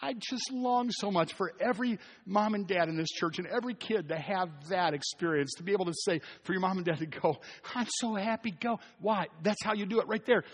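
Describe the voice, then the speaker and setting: A middle-aged male pastor with a high voice preaches in an easy, storytelling way. His voice carries a long reverb from the church hall around him. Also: a little fast. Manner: storytelling, animated and conversational. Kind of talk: sermon.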